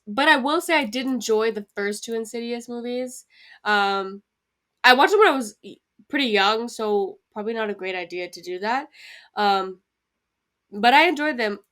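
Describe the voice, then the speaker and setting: A woman's voice: a little high, a little slow, fairly bright tone. A young woman co-hosting a podcast, chatting bluntly with lots of cursing and ums. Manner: blunt, profane, with many ums. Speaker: podcast co-host. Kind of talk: casual chat.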